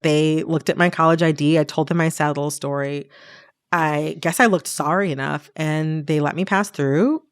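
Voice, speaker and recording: A woman co-hosting a podcast, telling personal stories in an animated, laughing way. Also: sits low, normal speed, clear, resonant tone. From Detroit area. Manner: animated storyteller, laughs often. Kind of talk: casual storytelling chat.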